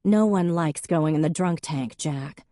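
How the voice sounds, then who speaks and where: Female narrator as a young policewoman, flustered, stuttering, defensive, raised pitch. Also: a little slow, mellow, no room sound, studio quality. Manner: stutters when upset.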